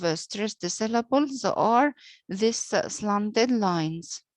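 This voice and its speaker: A woman teacher whose first language is Arabic, explaining English poetry meter slowly, pausing often with "uh" and spelling out letters, following British pronunciation. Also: medium pitch, no echo. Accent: British-leaning English pronunciation. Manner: slow and deliberate, frequent "uh" pauses, spells out letters. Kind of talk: slow explanatory lecture.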